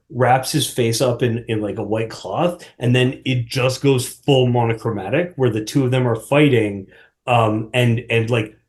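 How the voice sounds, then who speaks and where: Man, podcast guest, casual chat, rambling, filler-heavy, laughs often, average pitch.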